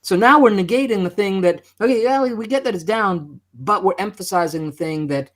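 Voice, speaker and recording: A man's voice: high voice, a little fast. A man co-hosting a self-help podcast, coaching listeners and demonstrating how intonation changes example phrases. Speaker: podcast co-host. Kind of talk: conversational teaching.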